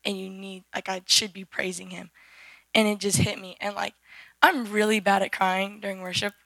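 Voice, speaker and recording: Hoarse teenage girl rambling through testimony. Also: medium pitch, little pitch movement, normal speed, fairly bright tone, no echo. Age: teens. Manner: rambling, filler-heavy, many restarts. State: hoarse, voice worn out. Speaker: youth group member giving testimony. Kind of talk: personal church testimony. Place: church service. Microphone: handheld microphone.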